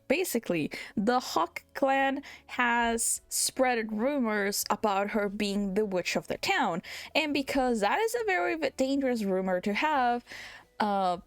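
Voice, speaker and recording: A woman streamer talks through a game's story in an animated, chatty way, laughing often and swearing freely. Her voice sits at a middle pitch, recorded dry and close on a home desk mic. Faint background music plays under her. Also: dry recording. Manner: animated, giggly, swears casually. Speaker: VTuber streamer. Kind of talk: casual game recap.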